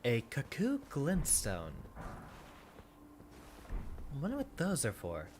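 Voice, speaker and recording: A man from Texas streaming a video game in a put-on teacher persona voice, thinking aloud in relaxed, chatty commentary. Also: medium pitch, very slow, slight background noise. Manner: performs a put-on teacher persona voice rather than his real one. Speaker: VTuber streamer. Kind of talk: casual gameplay commentary. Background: game music.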